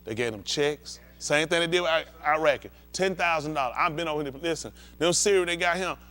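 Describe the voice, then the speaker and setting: A man's voice: a little high, brisk, pushed and bright. A male pastor preaching bluntly and profanely, heated and confrontational, acting out scenes with volunteers from the congregation.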